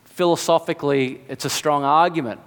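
A man with a fairly high voice preaches a sermon. He reasons aloud, poses rhetorical questions and acts out little asides. His voice rings with a long reverb. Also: steady tone, fairly quick, fairly bright tone, clear, resonant tone.

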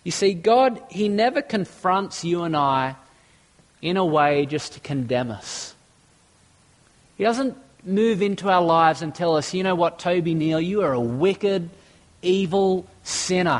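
Male pastor mid-sermon, higher register, earnest rhetorical delivery, long church-hall reverb. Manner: earnest preaching with rhetorical questions and repeated restarts.

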